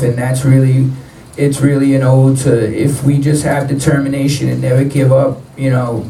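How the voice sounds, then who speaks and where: A man's voice: mid-range voice, gravelly, dark tone, slight background noise. A man telling blunt, profane stories in a live spoken word performance on stage. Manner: blunt, profane street storytelling. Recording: roomy, distant live-venue recording.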